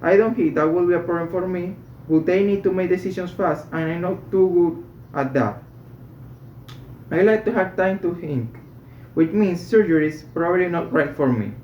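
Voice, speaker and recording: A man's voice: sits high, moderate pace. A man reading medical English textbook exercises aloud, carefully and with a few slips and restarts. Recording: echoey room, dull lo-fi sound, faint noise.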